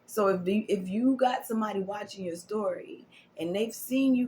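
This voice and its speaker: A woman's voice: mid-range voice, moderate pace, few pauses, warm tone, a little hiss or hum, low-quality recording. Emotional woman giving a spiritual card reading. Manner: affirming, repetitive, emotional, drops to whispers. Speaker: tarot and oracle card reader.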